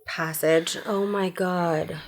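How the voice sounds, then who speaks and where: A woman's voice: lowish voice, fairly even intonation, takes it slowly. A woman co-hosting a podcast, reacting to her partner with short interjections. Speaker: podcast co-host. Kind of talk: casual chat.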